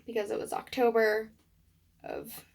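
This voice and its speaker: A woman telling a personal story in a vlog, animated, acting out what people said. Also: fairly high pitch, a little slow, vocal fry. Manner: animated storytelling with acted quotes. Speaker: vlogger.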